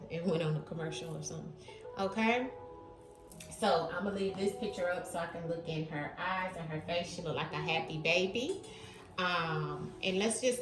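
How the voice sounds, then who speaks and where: A woman doing a chatty spiritual tarot reading, talking to viewers as family with lots of fillers. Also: low-pitched. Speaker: tarot reader. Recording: echoey room with music behind.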